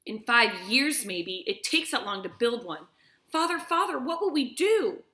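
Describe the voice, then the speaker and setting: Frightened girl in tears, high and pleading, voiced by a woman reader, echoey room. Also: big pitch swings, a little slow, pushed and bright, full character voice. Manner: crying, pleading. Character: frightened young girl sobbing.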